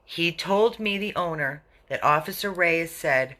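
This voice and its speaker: A woman's voice: lowish voice, animated, unhurried, fairly bright tone. A woman who runs an animal rescue, talking on a live video to viewers, answering their comments indignantly and repeating herself.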